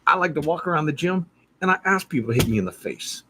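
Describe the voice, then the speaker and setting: A man's voice: a little high, big pitch swings, fast, background noise, voice pushed up. A man voicing a pushy male gym acquaintance who loves to fight, raised well above his own voice. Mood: prodding. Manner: eager, prodding, insistent.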